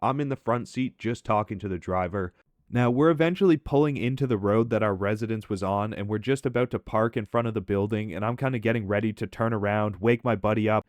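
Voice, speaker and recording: A young man casually telling a chaotic story over gameplay, animated and swearing freely as he acts out his own reactions. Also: fairly low pitch, fairly quick, dry recording, clean studio sound. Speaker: storytelling commentary host.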